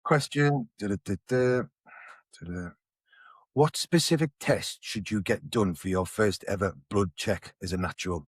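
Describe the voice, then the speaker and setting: Podcast co-host, low husky voice, quick slangy storytelling, dry close mic. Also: male voice, no echo. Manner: fast, slangy, swears freely. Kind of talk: casual storytelling chat.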